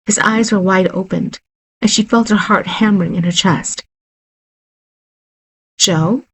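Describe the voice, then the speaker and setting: Husky-voiced woman narrating horror. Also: mid-range voice, steady tone, moderate pace, low-quality recording.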